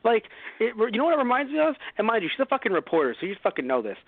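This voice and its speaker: A man with a high, lively voice rants and rambles as a podcast co-host, dropping curses into nearly every sentence. The sound is thin and phone-like, with no room around it. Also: very fast, dry recording. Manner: animated, heavy swearing, rambling asides. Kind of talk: casual podcast chat.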